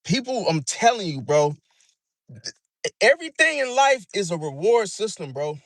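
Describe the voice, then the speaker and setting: A man's voice: high-pitched, sing-song, moderate pace, fairly bright tone, no echo. Slangy man riffing, close dry mic. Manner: slangy, repetitive, addresses listener as bro. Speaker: astrology commentator. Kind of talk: casual monologue.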